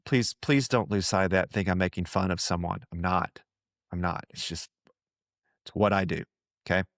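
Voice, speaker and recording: A man's voice: low voice, moderate pace, dry recording, clean studio sound. A man hosting a podcast, talking about faith in an earnest, conversational way, often repeating himself and putting on voices to quote people. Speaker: podcast host. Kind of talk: reflective faith talk.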